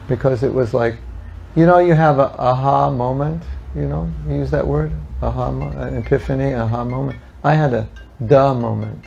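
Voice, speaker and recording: Older man, gravelly voice, mid pitch, lively storyteller, talks to a gathering, animated quoting. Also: moderate pace, dull audio, slight background noise. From United States. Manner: animated storyteller, acting out quotes with laughs. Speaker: speaker at a devotional gathering. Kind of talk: storytelling talk to an audience.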